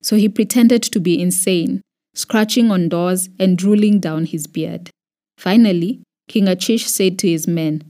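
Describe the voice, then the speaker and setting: Kenyan woman, audio Bible narrator, measured and expressive, warm mellow tone. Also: lowish voice. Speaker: Bible reader. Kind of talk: scripted scripture narration.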